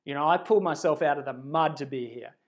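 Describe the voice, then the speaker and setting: A man giving a livestreamed spiritual pep talk into a phone camera, earnest and rambling, swinging between hushed and loud, blunt and casually profane. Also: fairly high pitch, fast talker. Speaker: spiritual self-help speaker.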